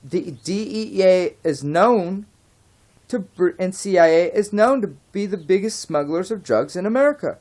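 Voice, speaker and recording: A man's voice: high-pitched, animated, normal speed, darkish tone. A man delivering an unscripted opinion rant as a vlogger, heated and rambling, swearing at times and drifting off track. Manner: swears and apologizes.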